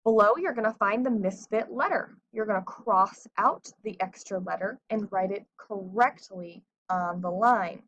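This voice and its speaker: A woman's voice: medium pitch, a little slow, few pauses, a bit bright, no room sound. A woman teacher giving a patient phonics lesson to children, sounding out words carefully. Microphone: screen recording. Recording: dull lo-fi audio.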